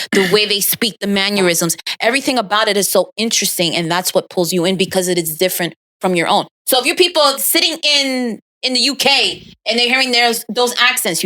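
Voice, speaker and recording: A woman's voice: mid-range voice, pushed and bright. A woman co-hosting a podcast, explaining her point firmly in casual chat. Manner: firm, explanatory. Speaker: podcast co-host.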